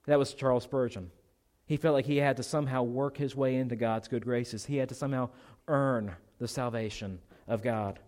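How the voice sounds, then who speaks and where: A man's voice: mid-range voice, darkish tone. A man preaching a sermon, earnestly telling a conversion story and reading a memoir aloud.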